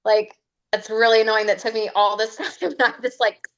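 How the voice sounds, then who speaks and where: A woman telling her personal story on a group coaching call, chatty and animated, laughing often over a video call. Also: a little high, brisk. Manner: chatty and animated, laughs often, slips into quoting her own self-talk.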